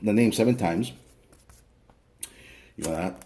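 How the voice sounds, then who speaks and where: A man's voice: lowish voice, measured pace, mellow, a little hiss or hum. A man teaching a spiritual ritual in a casual, joking, chatty way, swearing now and then. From family from El Salvador. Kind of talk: casual spoken tutorial.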